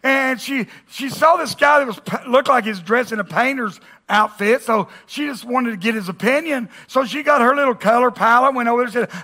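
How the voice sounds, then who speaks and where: High, bright-voiced pastor preaching. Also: male voice, normal speed. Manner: conversational preaching with jokes and audience call-outs. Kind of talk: sermon. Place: church auditorium with congregation.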